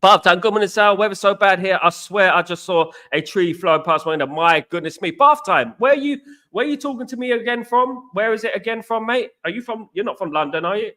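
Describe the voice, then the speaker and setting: A man's voice: high voice, a little fast, sharp tone. A man hosting a casual live stream, chatting and greeting viewers by name as he reads their comments. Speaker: livestream host.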